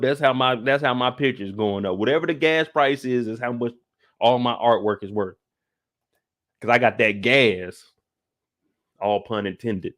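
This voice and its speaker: Male live-stream host, casual recap talk, jokey and animated, mid-pitched voice that jumps high when excited.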